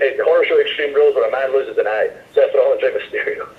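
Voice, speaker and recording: A man's voice: medium pitch, fast talker, hardly any pauses. A Scottish man in his thirties, a guest in a casual interview, talking in an easygoing, self-mocking way. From Scotland. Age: 30s. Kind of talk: casual interview over the phone. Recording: tinny phone line.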